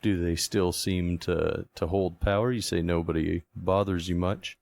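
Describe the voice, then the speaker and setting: A man's voice: low-pitched, fairly even intonation, a little slow, creaky, darkish tone. A man playing a tabletop game, speaking hesitantly with many fillers. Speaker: player. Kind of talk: casual tabletop play.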